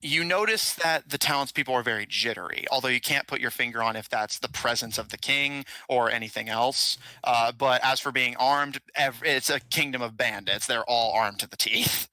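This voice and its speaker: Bright-voiced male game master. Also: medium pitch, moderate pace, hardly any pauses, no echo, low-quality recording. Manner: casual, filler-heavy narration with frequent "uh"s. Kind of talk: narrating a tabletop game.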